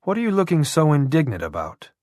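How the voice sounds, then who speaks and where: A man doing a gruff older colonel. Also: fairly high pitch, huge pitch swings, fast talker, darkish tone, no room sound, studio quality, voice pushed up. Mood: brusque. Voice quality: dusty, hawking throaty voice. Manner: clipped commands, blunt. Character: gruff older male army colonel, brusque.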